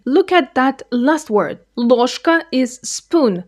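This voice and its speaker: A young woman with a Russian accent presents a scripted language lesson with a playful touch. Her voice sits a little high. She spells things out slowly and clearly. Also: lively intonation. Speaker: language teacher.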